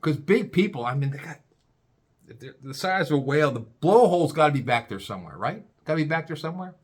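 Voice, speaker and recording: Lively, rambling, stammering man. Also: a little high, fast, husky. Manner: stammering restarts, crude and profane. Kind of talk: rambling comic rant.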